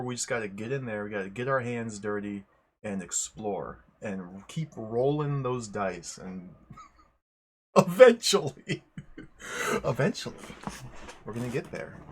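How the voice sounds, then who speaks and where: Young male streamer with a slightly husky voice; loose, meandering chat that often corrects itself. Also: medium pitch. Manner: rambling, self-correcting, greets viewers one by one. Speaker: livestream host. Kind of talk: casual livestream chat.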